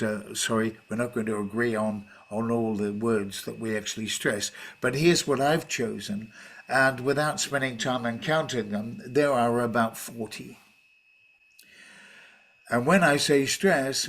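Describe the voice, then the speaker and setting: A man leading a teacher-training workshop, explaining in a measured way with frequent fillers and restarts. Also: mid-range voice. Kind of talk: online workshop talk.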